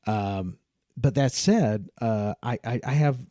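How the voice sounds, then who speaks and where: A man's voice: medium pitch, takes it slowly, warm tone, no room sound, studio quality. A man with a Midwestern American accent, a podcast guest chatting playfully with many restarts. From Midwestern United States. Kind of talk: casual chat.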